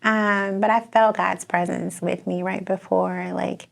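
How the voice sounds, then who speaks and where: Emotional storytelling woman, gravelly voice. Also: medium pitch, measured pace. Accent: Chicago. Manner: expressive storyteller, laughs and tears up. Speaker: guest.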